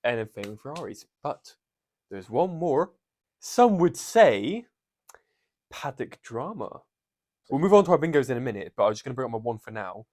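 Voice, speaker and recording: A man's voice: mid-range voice, expressive, fast talker. A man co-hosting a podcast in casual chat, recapping with jokes and plenty of swearing. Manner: swearing, jokey, rambling recap. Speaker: podcast co-host.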